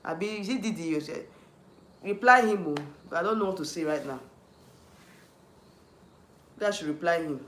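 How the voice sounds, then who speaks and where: Speaking at a normal speed but pausing often, a Nigerian-accented man rants on his YouTube livestream. He is heated and repetitive, keeps restarting and stops to respond to chat, his high voice bright and forceful in an echoing room.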